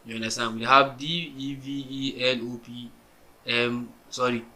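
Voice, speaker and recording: A man teaches spelling rules for English verbs in a casual classroom way. His voice is bright and forward, with a middling pitch. He spells words out letter by letter, restarts his sentences often and keeps asking whether the listener understands. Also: steady tone, unhurried, slight background noise, low-quality recording. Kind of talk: explaining grammar on a whiteboard.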